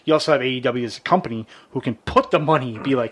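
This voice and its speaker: A man with a mid-pitched voice co-hosts a casual podcast, running through the news items. He works in dry jokes as he goes. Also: rapid-fire, a bit bright. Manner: newsy, reads out items, dry humor. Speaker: podcast co-host. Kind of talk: casual chat.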